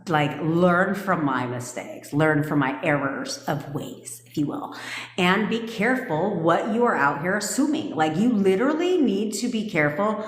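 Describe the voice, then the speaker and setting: A woman's voice: on the low side, expressive, normal speed. A woman coaching viewers in a casual livestream, blunt and profane and often laughing. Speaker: manifestation coach. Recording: echoey room with long reverb.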